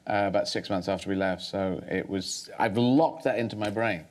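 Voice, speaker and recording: A man's voice: deep voice, moderate pace. A man as a guest on a talk show, speaking thoughtfully, rambling, with many restarts.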